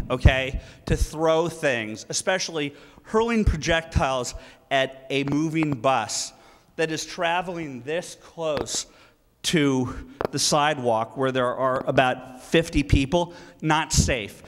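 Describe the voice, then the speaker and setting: A man giving a live speech at a political rally, telling a story in an emphatic, animated way. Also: fairly high pitch. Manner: animated, emphatic, breaks into laughter, acts out quoted lines. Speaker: guest speaker at a political rally. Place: large event hall. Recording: reverberant hall with faint noise.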